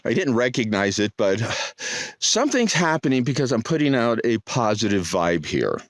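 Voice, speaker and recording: A man's voice: dry recording, studio quality. A man vlogging outdoors on a hiking trail, talking in a rambling, playful way into a handheld phone. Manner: rambling and playful, with wide swings in pitch. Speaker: thru-hiker vlogger. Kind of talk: casual outdoor vlog monologue.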